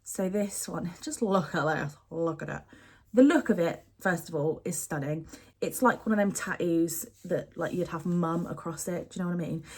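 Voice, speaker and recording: A woman's voice: lowish voice, a little mellow, breathy edge. A young woman, chatting casually and gushing to camera about beauty products she misses. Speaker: beauty vlogger.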